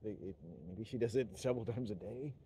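A man talking in a rambling monologue, meandering and halting, with frequent restarts and chuckles. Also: on the low side, dark tone, a little hiss or hum.

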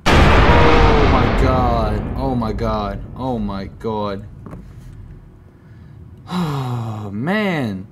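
A man hosting a horror game let's play, reacting with casual slang, swearing and yelling at the scares. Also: mid-range voice, a little hiss or hum. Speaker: gaming channel host.

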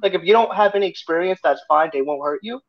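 A man's voice: sits high, fast talker. Hesitant man on a dull phone line. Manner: hesitant, many fillers and restarts. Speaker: stream guest.

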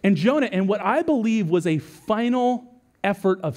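A man's voice: high-pitched, measured pace. A male lead pastor preaching a sermon in a conversational, storytelling way, often asking "right?" and acting out quotes. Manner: animated storytelling with acted-out quotes; conversational, frequent "right?" asides.

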